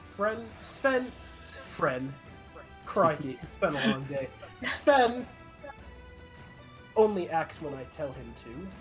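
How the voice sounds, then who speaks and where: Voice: mid-range voice, big pitch swings, takes it slowly, long pauses, music in the background. A player voicing a haughty, scheming male merchant lord who gives orders. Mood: commanding.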